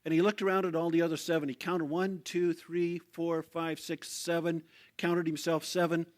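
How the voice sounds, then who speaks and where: A man's voice: on the high side, level tone, normal speed. An older man, a pastor, preaching a sermon as a conversational story, with frequent fillers and restarts.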